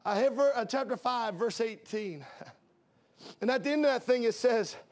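A man preaches in a strikingly high voice. He delivers an impassioned sermon, often shouting and crying out hallelujahs. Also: normal speed. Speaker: pastor.

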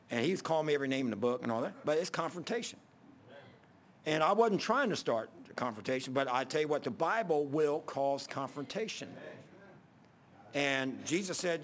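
A man's voice: a little high, slight background noise. Man preaching in a casual storytelling way. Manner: conversational storytelling with many restarts. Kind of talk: sermon.

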